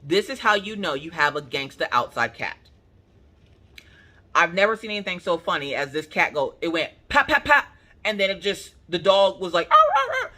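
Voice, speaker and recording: A woman crafting-channel host from Pennsylvania, telling a story in casual chat, animated and colloquial, acting out what people said. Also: fairly low pitch. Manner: animated, colloquial, acts out quotes.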